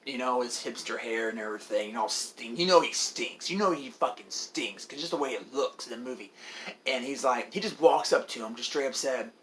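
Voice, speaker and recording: A young man from Oklahoma rambling through a casual movie review vlog, excitable, with lots of fillers and swearing. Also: mid-range voice, brisk, slight background noise.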